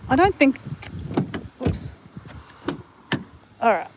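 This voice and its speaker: An Australian woman chatting casually and excitably to viewers on a live stream, recorded outdoors on a phone. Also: sits high, extremely slow, lo-fi sound, a little hiss or hum. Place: outdoors after a walk.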